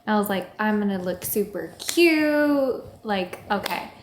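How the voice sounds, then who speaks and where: A young woman telling a story casually, with lively acted-out quotes. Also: medium pitch, measured pace, slight background noise. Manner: animated, acts out quoted lines. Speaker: vlogger telling engagement story. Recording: echoey room.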